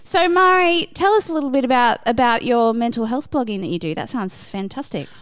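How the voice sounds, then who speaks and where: A woman's voice: fairly high pitch, expressive, fairly quick, smooth, no echo, clean studio sound. A woman co-hosting a podcast in casual chat, laughing often and acting out quoted lines. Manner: chatty, laughs often, playful quoting voices. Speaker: podcast co-host.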